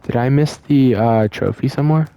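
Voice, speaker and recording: A man's voice: mid-range voice, normal speed, creaky, mellow, a little hiss or hum. A man casually commenting on a video game and reading in-game letters aloud, poking fun at himself. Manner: reads in-game letters aloud, self-mocking. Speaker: gaming YouTuber.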